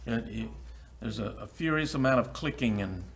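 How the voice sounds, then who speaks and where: A man working as an auctioneer at a live charity auction, repeating the asking price in steady runs with many filler sounds. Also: medium pitch, moderate pace, creaky, a crowd in the background.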